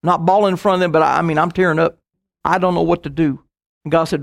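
A middle-aged man preaching a sermon, telling stories with quick asides and bursts of emphasis. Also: on the high side, fairly even intonation, gravelly.

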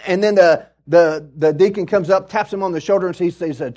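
A man with a high, bright voice preaches a lively sermon. He builds up to shouting exhortations, then drops into humorous stories told with asides to the congregation. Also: fairly quick. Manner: preaching with rising shouts and call-outs; storytelling with asides. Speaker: pastor.

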